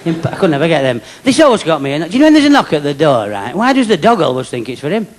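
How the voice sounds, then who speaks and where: A Yorkshire man tells stand-up jokes in a deadpan way, tossing chatty tag questions to the room. His voice sits a little high and swings widely in pitch. The live recording is noisy, with loud crowd laughter. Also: rapid-fire. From Yorkshire, England. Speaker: stand-up comedian. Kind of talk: stand-up comedy routine. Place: live venue with laughing audience.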